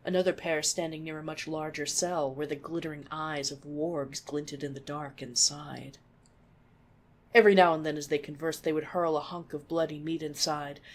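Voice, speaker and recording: Steady fan fiction reader. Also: mid-range voice. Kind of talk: reading fan fiction aloud.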